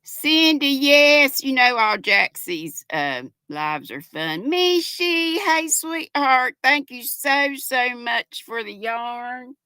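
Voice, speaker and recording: A woman's voice: sits high, animated, slow, few pauses, pushed and bright, clean tone, no room sound, studio quality. An older woman hosts a casual livestream, reading viewers' chat in a giggly, folksy way. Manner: chatty, giggly, folksy, talks to viewers as "y'all". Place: at home.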